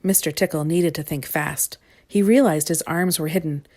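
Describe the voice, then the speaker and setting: A woman reads a children's storybook aloud in a calm, measured way. Her voice sits a little low.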